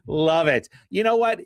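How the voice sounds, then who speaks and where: Man, slightly high voice, dry close sound, sarcastic livestream commentator, reads bills aloud and mocks them. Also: a bit bright, dry recording. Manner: sarcastic and mocking, reads bill text aloud; chuckles often, with big pitch swings. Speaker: livestream host reviewing state bills.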